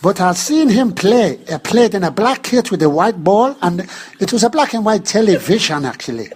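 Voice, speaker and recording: A man's voice: high-pitched, very animated, normal speed, a little mellow, slight background noise. A man doing a comic impression of a rambling, sentimental old statesman. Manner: rambling, drifts off topic. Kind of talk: comic impression on a fan podcast.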